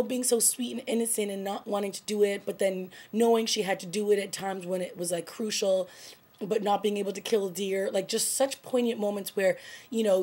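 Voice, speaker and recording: A woman's voice: mid-range voice, husky. A woman recapping a TV episode in a casual, gushing review, peppering her talk with "like" and exclamations. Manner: excited, gushing, frequent "like" and "oh my God". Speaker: TV review vlogger.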